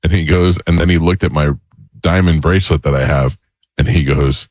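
A middle-aged man hosting a talk show, telling a funny anecdote in an animated way and mimicking the people in it. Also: very deep voice, fairly quick, dry recording. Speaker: radio show host. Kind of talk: casual storytelling chat.

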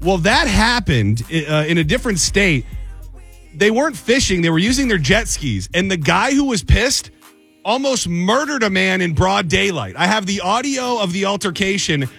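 Wry male radio host, gravelly voice. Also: sits high, big pitch swings, a bit bright, faint music behind. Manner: wry, joking, quick asides. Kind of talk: casual radio banter.

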